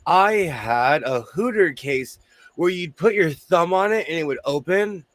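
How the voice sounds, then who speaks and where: Guy hosting a chill chat, a bit high-pitched, jokey, voice going a little rough. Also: lively intonation, measured pace, a bit bright. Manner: chatty, joking asides. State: losing his voice. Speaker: host. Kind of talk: casual chat.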